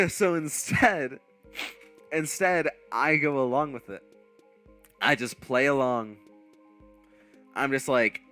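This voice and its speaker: Lively bright-voiced man telling a story. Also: medium pitch. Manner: rambling anecdote with many fillers and self-corrections, laughing at himself. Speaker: streamer. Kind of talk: casual storytelling.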